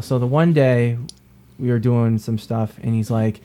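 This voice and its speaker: A man co-hosting a casual podcast, telling a story with animated energy. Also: mid-range voice, normal speed. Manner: animated storyteller, acts out quotes. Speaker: podcast co-host.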